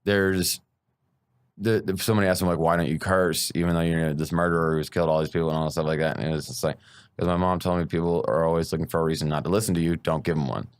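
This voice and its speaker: A man with a very low voice gives his opinions bluntly and frankly. He talks casually on a podcast as a stand-up comedian guest and swears freely. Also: steady tone, fast.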